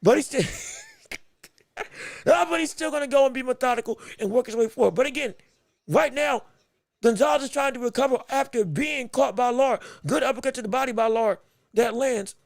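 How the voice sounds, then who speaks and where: A man calling a fight blow by blow on his own livestream, excited and repetitive, restarting his phrases, with the hiccups and eating as he talks. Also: very high voice, fairly quick, gravelly, dry recording. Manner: repeats himself, restarts phrases, eats and talks at once. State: has the hiccups. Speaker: podcast host giving live fight commentary.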